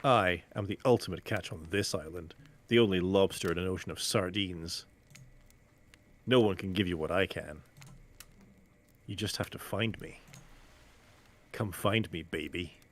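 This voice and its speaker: A man's voice: low voice, a little slow, long pauses. A man voicing a boastful, flirty male trickster killer in a dating game. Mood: smug. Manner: smug, boastful.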